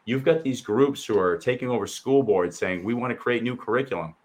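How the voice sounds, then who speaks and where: Deep and low, a male co-host's voice comes fast with hardly any pauses as he talks bluntly and with real heat in a casual discussion. He swears freely and drops mocking quoted asides to drive his points home.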